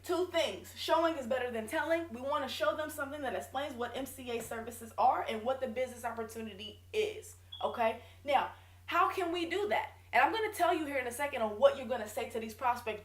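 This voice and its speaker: A woman's voice: a little high, a little fast. A woman business coach giving direct, emphatic advice in a casual video lesson. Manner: direct, emphatic, self-correcting. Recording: echoey room.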